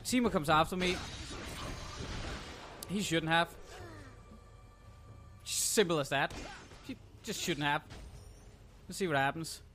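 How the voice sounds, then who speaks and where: A young man talks over a replay of his match in a slightly high voice, sarcastic and prone to ranting, with curses dropped in freely. Faint game music plays behind him on a desktop mic. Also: slow pace, long pauses, sharp tone. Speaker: gameplay commentator. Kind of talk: casual game commentary.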